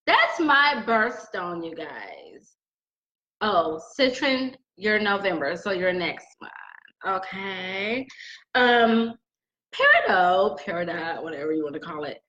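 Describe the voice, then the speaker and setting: A woman's voice: mid-range voice, pushed and bright, roomy sound. A middle-aged woman teaching crystals in a casual video, joking and chatting straight to her viewers. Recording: dull lo-fi sound.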